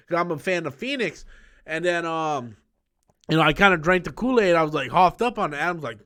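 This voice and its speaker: A man hosting a live-stream chat from a small room under studio lights, excitable and profane, humming movie sound effects as he talks. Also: fairly high pitch, quick pace. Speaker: YouTube host.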